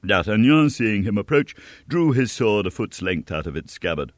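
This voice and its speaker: Deep-voiced man reading a story aloud. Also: big pitch swings, moderate pace, dry recording, studio quality. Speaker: narrator. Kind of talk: audiobook narration.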